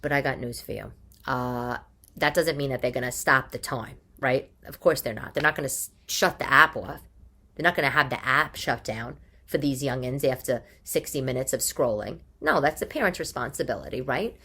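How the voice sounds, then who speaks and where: A woman's voice: very deep voice, normal speed, pushed and bright, husky. A woman with a New York accent, a mother hosting a casual monologue from her living room, chatty and opinionated, firing off rhetorical questions. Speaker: podcast host.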